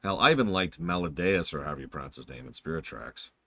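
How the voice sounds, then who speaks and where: A man in his forties giving chatty, animated gaming commentary as a streamer, humming along at times. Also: very deep voice, quick pace, no room sound. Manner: animated, chatty, hums game music.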